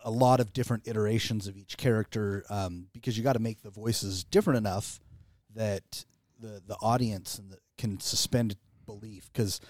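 A man's voice: on the low side, steady tone, moderate pace, a little mellow, no echo. A man guesting on a podcast, a community theater actor talking with self-deprecating, dry humor. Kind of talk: casual chat.

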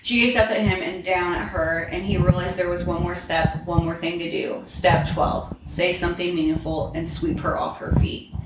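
A woman's voice: lowish voice, fairly even intonation, normal speed, background noise. A woman podcast host reading fan fiction aloud, storytelling steadily with a few slips and restarts. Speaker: podcast reader. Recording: roomy room echo.

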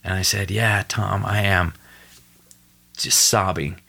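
Earnest lower-voiced man telling a story. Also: slow pace, vocal fry. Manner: earnest, animated retelling with acted quotes. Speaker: podcast guest. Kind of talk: emotional personal storytelling.

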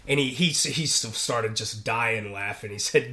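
A man's voice: medium pitch, moderate pace, sharp tone. Man, sailor, casual storytelling, rambling, lots of fillers and restarts. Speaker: guest, merchant sailor.

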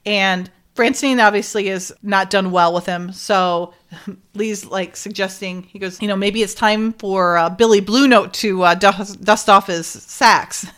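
A woman's voice: mid-range voice, unhurried. Middle-aged woman retelling with laughs. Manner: animated retelling, acting out quoted lines with frequent laughs. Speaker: podcast co-host. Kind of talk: casual recap chat.

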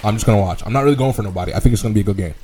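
Low-ish guy chatting loose on a podcast, lots of "like", cusses a bunch. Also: rapid-fire, dark tone, breathy edge. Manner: rambling, with lots of "like" and swearing. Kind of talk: casual chat.

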